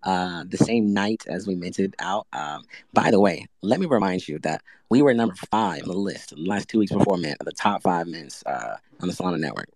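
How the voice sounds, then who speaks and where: A man's voice: sits low, lively intonation, brisk, gravelly, a little mellow, dry recording. A man, the founder of a project and a podcast guest, telling his story in a brash, profane and emphatic way. He often restarts with fillers and fires off rhetorical questions. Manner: frequent fillers and self-corrections.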